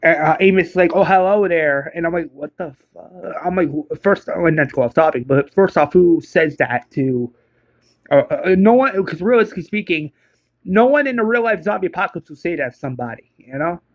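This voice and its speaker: A man's voice: a little high, lively intonation, a little fast, no room sound. A man giving a casual spoken book review, rambling and exasperated, stumbling over restarts and swearing.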